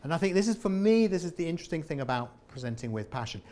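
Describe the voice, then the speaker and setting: A man, a former comedian, leading a lively interactive workshop on presenting and asking the audience questions. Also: a little high, very fast. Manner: animated, jokey, questions the audience. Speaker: presentation trainer. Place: meeting room with an audience.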